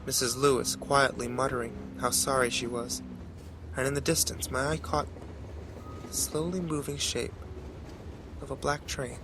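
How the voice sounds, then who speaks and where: A man narrating a horror story in a measured, dramatic way. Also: mid-range voice, fairly even intonation, background noise.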